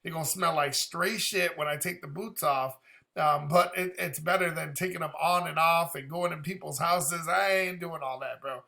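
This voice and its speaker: A reaction video host gives casual commentary on a song, working out what the lyrics mean as he goes. His bright, gravelly voice sits a little high, with a steady tone and moderate pace, and he laughs often and drops casual swears.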